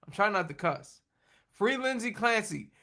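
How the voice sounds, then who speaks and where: Bright, high-voiced rambling streamer man. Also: expressive, a little slow. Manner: chatty and rambling, laughs often, many restarts. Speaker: livestream host. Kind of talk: rambling live-stream chat. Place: at home at his computer.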